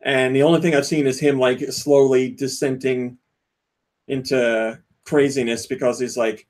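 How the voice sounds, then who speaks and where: A man's voice: medium pitch, moderate pace. A man hosting a casual podcast, retelling video game scenes with laughter and acted-out lines. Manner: animated storyteller, acts out game scenes with laughs. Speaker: podcast host.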